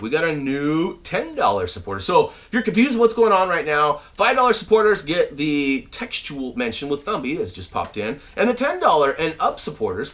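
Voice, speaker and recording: A man in his thirties talks casually to his viewers from his house, stumbling over restarts and filler words. His voice sits a little high for a man and swings widely in pitch. The tone is bright and forceful. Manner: animated and chatty, many fillers and restarts, shouts out names. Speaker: channel host. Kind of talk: casual video update to viewers. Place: at home, indoors.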